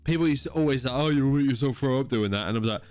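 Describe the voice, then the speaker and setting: Relaxed joking male podcast co-host. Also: mid-range voice, rapid-fire, clear, resonant tone, soft background music. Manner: relaxed, joking, swears casually. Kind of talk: casual chat.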